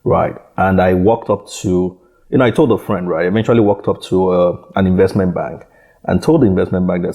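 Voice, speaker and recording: A man, a startup founder from Nigeria, talks in a halting, conversational interview, full of repeated words and "you know" fillers. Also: sits low, fairly even intonation, mellow.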